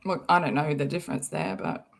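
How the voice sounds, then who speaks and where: A woman's voice: sits low, very animated, a little fast, vocal fry. A woman hosting a casual livestream, talking bluntly, swearing freely and laughing often. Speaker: livestream host.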